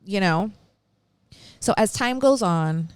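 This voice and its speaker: A woman's voice: mid-range voice, lively intonation, slow, clear, resonant tone, no room sound. A woman co-hosting a podcast, casually retelling a true-crime story, acting out quotes and swearing freely. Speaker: podcast co-host.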